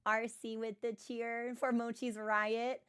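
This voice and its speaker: A woman streamer in casual chat, animated and chatty, with frequent filler words. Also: fairly high pitch, takes it slowly, clean tone.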